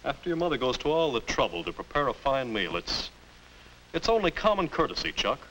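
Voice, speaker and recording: A man's voice: medium pitch, sing-song, fairly quick, a bit bright, a little hiss or hum, poor audio. An actor playing a stern middle-aged father scolding his son at the dinner table in a 1950s educational film.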